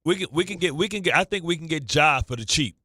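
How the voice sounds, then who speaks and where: Radio guy who keeps repeating himself, bright high-ish voice, dry studio sound. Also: animated, fast talker, breathy edge, no room sound. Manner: stammering, repeats himself, nervous joking. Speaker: sports radio host. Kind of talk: excitable sports talk banter.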